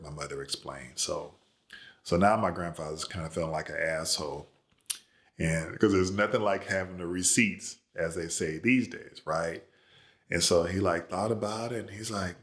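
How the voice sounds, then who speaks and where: A man with a very deep voice tells a family anecdote in a relaxed, conversational way. He speaks as an author sharing a story left out of his book, with everyday fillers and easy pauses. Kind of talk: casual personal storytelling.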